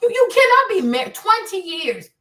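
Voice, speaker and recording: A woman's voice: extremely high pitch, very animated, moderate pace, sharp tone. A woman giving blunt, sarcastic commentary, scolding her subject and swearing freely. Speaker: online commentator. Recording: roomy echo, voice from far off.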